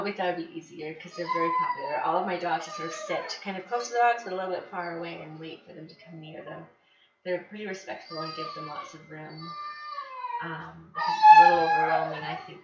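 A woman's voice: lowish voice, wildly swooping pitch, fast talker. Casual woman breeder vlogging at home, rambling with fillers; noisy, muffled home recording. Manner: chatty, many fillers and restarts. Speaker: dog breeder. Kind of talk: casual vlog talk to viewers. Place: home with puppies and dogs. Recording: roomy, distant, dull, noisy home recording. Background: dogs heard in background.

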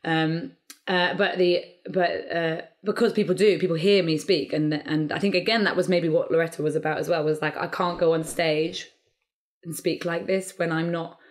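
A woman's voice: fairly low pitch, steady tone, normal speed. A woman comedian, talking animatedly in a podcast interview and slipping into quoted voices. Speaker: comedian guest.

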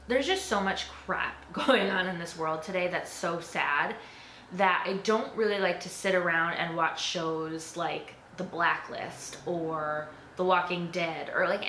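A woman's voice: lowish voice, pushed and bright, a little hiss or hum. Giggly young woman chatting in a roomy space. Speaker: beauty vlogger. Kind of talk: casual chat to camera.

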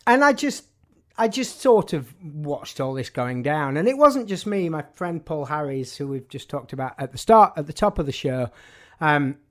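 A man's voice: a little high, expressive, normal speed. A man, a music journalist telling anecdotes in an interview, with a dry, wry humour.

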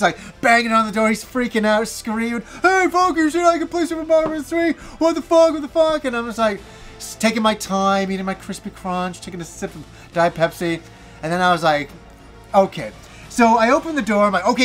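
Casual gaming host, man in his forties, high voice, animated and self-mocking, swears freely, faint music under. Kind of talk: casual storytelling monologue.

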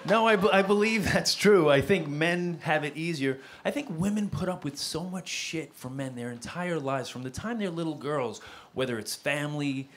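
A man's voice: fairly high pitch, moderate pace, few pauses. New comic in his 40s, dry self-mocking delivery, live club noise behind him. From Queens, New York. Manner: wry, self-deprecating, deadpan delivery. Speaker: stand-up comedian. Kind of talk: stand-up comedy set. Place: comedy club stage. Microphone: handheld stage mic. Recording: live club recording with audible crowd noise. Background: audience laughter and club noise.

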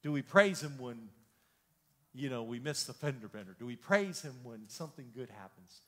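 A man pastor teaching a Bible study in an animated, joking way, with frequent exclamations and repeated words. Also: mid-range voice, moderate pace. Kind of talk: lively sermon-style teaching. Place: church hall.

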